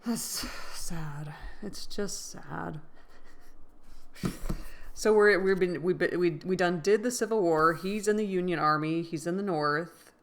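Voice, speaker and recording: In a relaxed book vlog, a woman speaks at normal speed with few pauses in a fairly low voice. Playful and self-deprecating, she thinks out loud, second-guesses herself, and pokes fun at herself.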